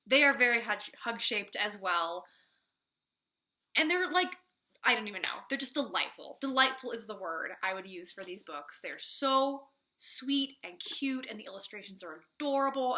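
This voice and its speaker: A woman's voice: fairly high pitch, sharp tone. A young woman gushing in a chatty book review vlog, rambling through tangents with lots of "like".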